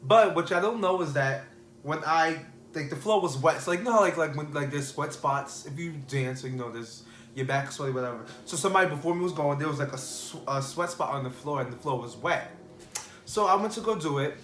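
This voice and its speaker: A man's voice: fairly high pitch, fairly bright tone, slight background noise. A man vlogger telling a personal story in a casual, rambling way full of fillers. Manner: rambling, filler-heavy, restarts. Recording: echoey room.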